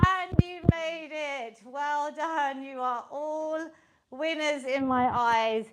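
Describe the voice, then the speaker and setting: Leading a home workout class, a British fitness instructor coaches with upbeat encouragement and calls out each rep. She has a high-pitched voice and a slow pace, captured on a muffled recording with a little hiss or hum.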